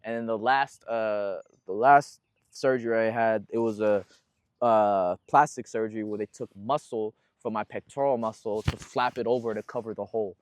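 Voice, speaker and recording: A man's voice: on the low side, moderate pace. Slangy young man telling his story. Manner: casual, slangy, animated storytelling with profanity. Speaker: guest musician. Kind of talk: casual interview conversation.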